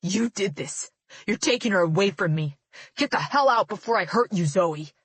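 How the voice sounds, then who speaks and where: A woman's voice: fairly low pitch, expressive, normal speed, husky, no room sound. A volatile, drugged young man, voiced by a woman, snarling and hissing his threats. The audiobook sound is close and dry. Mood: menacing.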